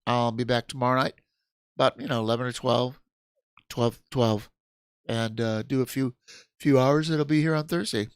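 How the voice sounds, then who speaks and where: A tired man chats his way through a late-night livestream in a gravelly, fry-laden voice. He rambles, stops and restarts his sentences, and yawns between thoughts. The sound is dry and close, with no room around it. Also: mid-range voice, steady tone, moderate pace, pauses often, no echo. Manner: rambling, self-interrupting, tired and yawning. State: sleepy. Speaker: livestream host. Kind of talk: casual livestream chat.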